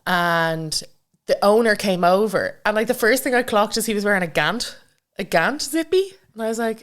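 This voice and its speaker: A woman's voice: mid-range voice, lively intonation, normal speed. A young Irish woman co-hosting a podcast, telling stories in casual, sweary chat and laughing easily. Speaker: podcast co-host.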